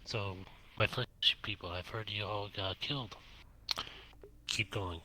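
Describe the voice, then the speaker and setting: A man's voice: fairly low pitch, fairly even intonation, normal speed. A man running a roleplay event who gives players direct, instructing directions. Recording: clear background noise.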